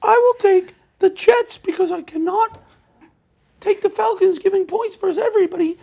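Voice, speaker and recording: A jokey posh British bloke with a fake British accent, put on by a man. The voice is pushed far above his normal low register, with a hammy sing-song lilt. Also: moderate pace, creaky, mellow. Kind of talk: comic sports betting banter.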